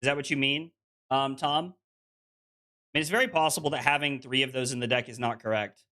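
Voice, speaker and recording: A man's voice: mid-range voice, fairly even intonation, a little fast, bright, forceful tone. A man streaming a card game, chatting casually with viewers and reading their messages aloud, with lots of fillers. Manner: chatty, full of "like" fillers, reads chat aloud.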